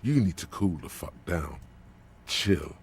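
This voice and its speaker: An actor voicing a brooding inner voice of the mind that narrates in an ominous, taunting way for a video game. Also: male voice, sits low, big pitch swings, unhurried, a little hiss or hum, full character voice. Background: game music.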